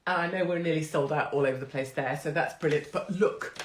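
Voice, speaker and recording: A woman's voice: sits low, slight background noise. Brash, laughing woman streaming live. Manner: brash, jokey, swearing, laughs often. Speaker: host. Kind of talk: casual live-stream chat. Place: home, live phone stream. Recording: roomy echo.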